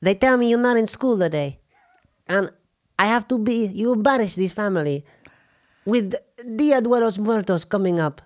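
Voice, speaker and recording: A man's voice: extremely high pitch, a little fast, pitched above the performer's own voice. A man voicing a strict, fussy Mexican mother, using an exaggerated mock Mexican accent and scolding questions.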